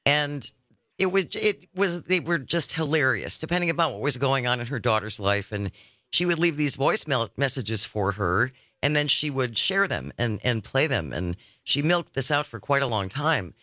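Lively woman radio co-host. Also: very deep voice, dry recording, clean studio sound. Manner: lively, quick to react, storytelling. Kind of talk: casual radio chat.

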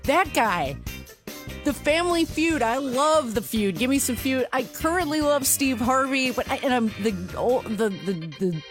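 A woman from the United States co-hosting a podcast in casual chat, animated and full of restarts. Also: sits high, unhurried, faint music behind. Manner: chatty, animated, with restarts and laughs. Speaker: podcast co-host.

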